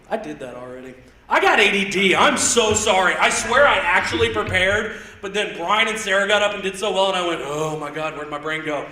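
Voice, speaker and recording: A man in his thirties doing live stand-up comedy on a theater stage, rambling and self-deprecating with quick asides. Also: high voice, pushed and bright. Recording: roomy theater sound, mic heard from a distance.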